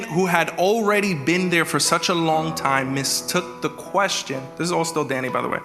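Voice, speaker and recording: A man preaching a sermon as executive pastor, animated, acting out prayers in a raised voice. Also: fairly high pitch, normal speed. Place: church hall. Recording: live church hall with reverb and music.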